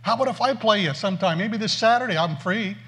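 Man playing a breezy, upbeat young club clerk, a bit high. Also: quick pace, fairly bright tone. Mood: eager.

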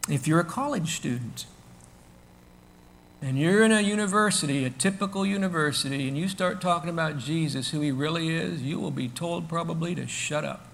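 A man delivering a sermon with a high, bright voice. He talks conversationally, chuckles now and then, and breaks into loud, acted-out shouts for the crowd. His delivery is lively and full of rhetorical questions. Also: moderate pace, creaky, a little hiss or hum. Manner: animated, acts out the crowd and shouts with sudden bursts. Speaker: pastor.

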